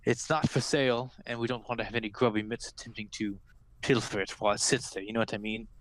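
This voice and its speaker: A man voicing a chatty, gruff human gate guard who rambles through security details with fillers. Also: fairly low pitch, steady tone, fast, fairly bright tone, no room sound, close to an everyday voice, rough recording. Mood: explaining. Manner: casual, rambling explanations with fillers.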